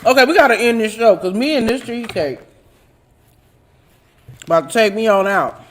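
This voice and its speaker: A woman's voice: fairly high pitch, lively intonation, normal speed. A woman hosting a live online talk show, joking and affectionate with her viewers as she signs off, laughing often. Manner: churchy, affectionate toward viewers. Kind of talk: casual live-stream sign-off chat.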